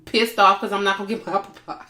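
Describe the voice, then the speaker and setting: A woman co-hosting a podcast, telling a story in casual chat, animated, laughing often and acting out the people in it. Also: mid-range voice, fairly quick, roomy sound. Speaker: podcast co-host.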